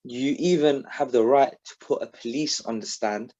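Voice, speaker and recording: A man's voice: medium pitch, moderate pace, darkish tone. A man co-hosting a casual podcast, chiming in emphatically. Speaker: podcast co-host. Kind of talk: casual chat.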